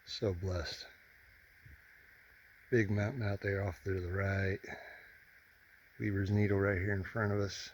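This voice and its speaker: A man's voice: fairly low pitch, level tone, a little slow, pauses often, a little hiss or hum. A young man from the US Midwest, narrating a trail hike for his viewers, chatty and openly awed by the scenery. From Indiana, US Midwest. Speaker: hiking vlogger. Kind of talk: casual narration while hiking. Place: outdoors on a mountain trail.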